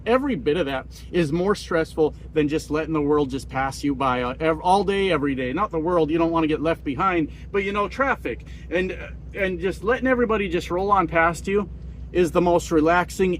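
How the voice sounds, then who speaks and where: Middle aged trucker guy cussing thru a long story, pretty high voice, little engine hum. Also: fairly quick. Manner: profane, rambling, acts out quoted people in a raised voice. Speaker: truck driver vlogger. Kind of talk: casual storytelling monologue.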